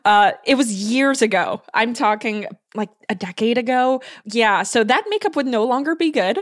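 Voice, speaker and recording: Brief: woman in her thirties, playful giggly podcast co-host, fairly high voice. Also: moderate pace. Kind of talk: casual chat.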